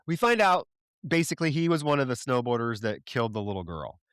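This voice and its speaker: A male podcast co-host retells a film's plot in loose, profane chat, slipping into characters' lines as he goes. His voice is smooth and resonant. The recording is close and dry. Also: mid-range voice, sing-song, fast talker, a bit bright, no echo. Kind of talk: casual plot recap.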